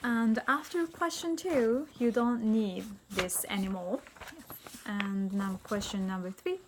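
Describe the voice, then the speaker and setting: A woman teacher explaining an interview test to tutors, reading sample passages aloud in a careful, instructional way. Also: on the high side. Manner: slow, careful, reads example passages aloud. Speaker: English teacher briefing tutors. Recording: faint background noise.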